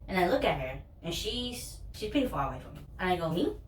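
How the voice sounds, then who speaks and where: Speaking very fast with big swings in pitch, a young woman, a student and vlogger, rambles through frank personal anecdotes and laughs at her own expense. Her voice leans low, and the audio is distant and roomy with a slight hum underneath.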